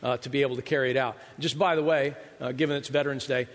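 A man's voice: medium pitch, steady tone, quick pace. A middle-aged man, the pastor, giving a sermon in a large church hall, telling conversational stories with self-deprecating humor. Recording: long reverb of a large hall.

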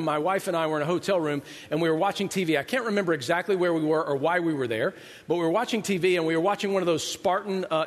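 Man, pastor, sermon, joking storyteller, fairly high voice, long hall reverb. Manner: conversational storytelling, self-deprecating humor. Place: large church hall.

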